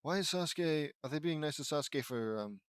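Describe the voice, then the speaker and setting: A man's voice: on the high side, lively intonation, fairly quick, clear, resonant tone, dry recording, clean studio sound. A man reading fan fiction aloud and breaking off with profane, sarcastic, rambling commentary. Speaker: audiobook reader and commentator.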